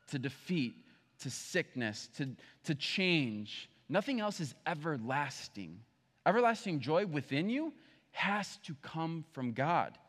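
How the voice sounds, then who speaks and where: A young man preaching a sermon in a relaxed, conversational way, with playful acted asides. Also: fairly high pitch. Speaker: pastor. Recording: long hall reverb.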